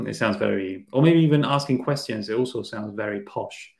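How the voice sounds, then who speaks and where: A man's voice: fairly low pitch, moderate pace, creaky, a little mellow. Roomy-sounding man teaching English. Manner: laughs easily, explains with examples. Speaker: podcast host, English teacher. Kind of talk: casual teaching chat. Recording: roomy echo.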